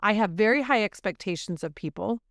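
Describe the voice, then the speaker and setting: Smooth-voiced candid woman podcaster. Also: mid-range voice, animated, a little fast, no echo, clean studio sound. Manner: candid, reflective, openly emotional. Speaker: podcast co-host. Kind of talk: casual podcast chat.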